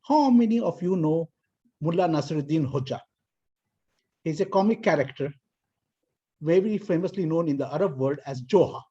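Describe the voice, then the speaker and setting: A man from South Asia giving a formal speech to a club as area director, weaving in an animated story. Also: normal speed, long pauses, breathy edge. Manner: animated storyteller, voices characters in higher pitch. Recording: dull lo-fi video call audio.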